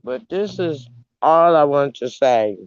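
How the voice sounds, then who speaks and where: A man hosting a casual livestream, talking slowly with long pauses and eating as he speaks. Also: fairly high pitch, expressive, no room sound, highs cut off. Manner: unhurried, pausing, eating while talking. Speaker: channel host. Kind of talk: slow casual livestream chat.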